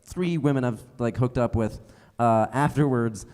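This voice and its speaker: A man's voice: mid-range voice, measured pace, a little mellow, long reverb tail. A young adult man doing a stand-up comedy set on a theater stage, rambling and self-mocking, with many fillers. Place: theater stage before a live audience.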